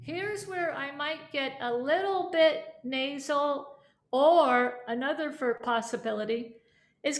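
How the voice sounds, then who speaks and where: A woman's voice: sits high, unhurried. A woman teaching a voice lesson, coaching students through exercises and demonstrating sounds aloud. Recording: echoey room with faint instrument.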